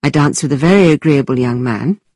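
A woman voicing a witty young gentleman who speaks in a mock-formal, teasing manner, in a storybook reading. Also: extremely low pitch, fairly quick, slightly rough, no room sound, exaggerated voice.

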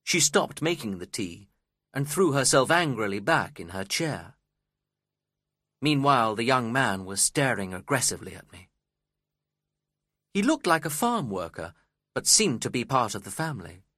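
A man reading a story aloud as its narrator, in a slow, measured and expressive way. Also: medium pitch, husky, no room sound, studio quality.

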